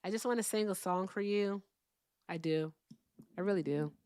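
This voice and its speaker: A woman hosting a live call-in stream, chatting casually and swinging between loud remarks and hushed asides. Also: mid-range voice, moderate pace, clean tone, no echo, clean studio sound. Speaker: livestream host.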